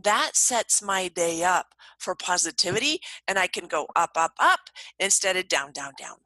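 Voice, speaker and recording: Bright-voiced upbeat woman guest. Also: fairly low pitch, moderate pace, no room sound, poor audio. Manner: upbeat, animated storytelling. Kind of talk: casual conversation.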